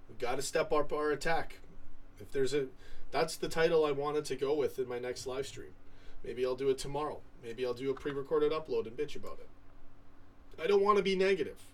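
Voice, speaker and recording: A man's voice: medium pitch, a little fast, distant mic. A young man from Canada hosting a casual live stream, rambling as he reads viewers' comments from home. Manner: rambling, chatty, trails off and restarts. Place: home room with a computer fan humming.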